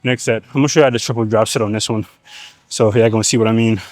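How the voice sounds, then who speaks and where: A young man explaining leg exercises in a gym, in relaxed slangy talk, at times out of breath. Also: on the low side, quick pace, no echo. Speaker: fitness vlogger. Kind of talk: casual gym coaching vlog.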